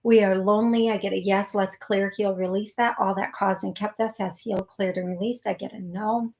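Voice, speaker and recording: A woman's voice: mid-range voice, steady tone, fairly quick, darkish tone. A woman hosting a live call-in psychic medium show, chatting in a rambling way with many fillers and restarts.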